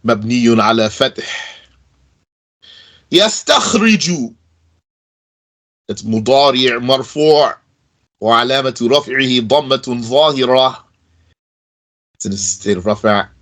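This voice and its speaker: A man teaching an Arabic grammar lesson in a casual way, slowly repeating verb forms aloud with fillers like "you know". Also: mid-range voice, a bit bright, rough recording. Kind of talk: recorded lesson.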